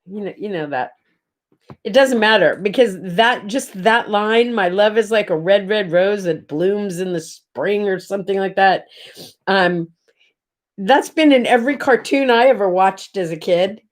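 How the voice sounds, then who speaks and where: A woman's voice: medium pitch, a little slow. Chatty woman host greeting viewers. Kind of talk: casual live-stream chat.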